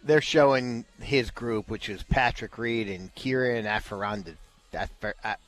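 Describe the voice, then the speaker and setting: Low-voiced man telling a golf story. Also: a little slow, fairly bright tone, soft background music. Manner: storytelling, hesitant restarts. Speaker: co-host. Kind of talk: casual golf chat.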